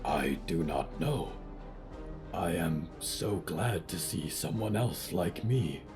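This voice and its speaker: Gentle stitched being, hushed and low, formal and earnest, as a male narrator puts it on. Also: lively intonation, slow pace, music in the background. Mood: soft, earnest. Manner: soft, quiet, formal speech without contractions.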